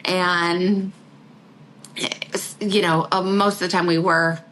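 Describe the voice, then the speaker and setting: Middle-aged woman, podcast guest, lively and laughing, light background noise. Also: lowish voice, slow pace, rough recording. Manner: laughing, animated storytelling with quoted voices. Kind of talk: casual chat.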